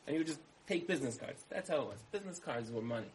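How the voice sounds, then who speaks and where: A man delivers a sermon as a story, acting out each exchange and returning again and again to the same key phrase. His voice sits at an ordinary middle pitch, and his delivery stays lively and conversational. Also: very fast, a little hiss or hum, poor audio. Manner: animated storyteller, repeats phrases for emphasis, acts out dialogue. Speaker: speaker giving a talk.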